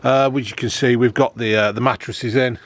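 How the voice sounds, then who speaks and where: A man's voice: mid-range voice, fairly even intonation, a little fast, a little hiss or hum. A man chatting casually to camera about his camper van build, joking and filling gaps with ums and uhs. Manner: chatty, joking, lots of fillers.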